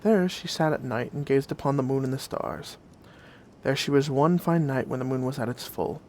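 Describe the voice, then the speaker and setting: A man narrating old folk tales in a gentle, old-fashioned fireside storytelling manner. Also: medium pitch, moderate pace, a little hiss or hum.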